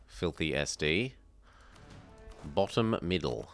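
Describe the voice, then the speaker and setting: Chatting through a strategy game stream, a South Australian man thinks out loud and responds to his viewers in a very deep, animated voice. He talks slowly, his tone a bit bright, over faint background music.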